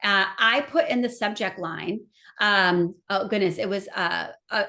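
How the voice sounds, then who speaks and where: A woman's voice: medium pitch, a little slow, creaky. A middle-aged woman giving an enthusiastic seminar talk on marketing, speaking straight to her audience. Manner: enthusiastic, animated, addresses audience directly. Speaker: marketing trainer. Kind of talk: live seminar presentation.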